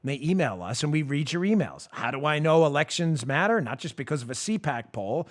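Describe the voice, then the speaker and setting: Animated, emphatic male talk show host. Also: on the high side, brisk, few pauses. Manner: animated, emphatic, laughs often, talks to his producer. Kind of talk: opinionated monologue.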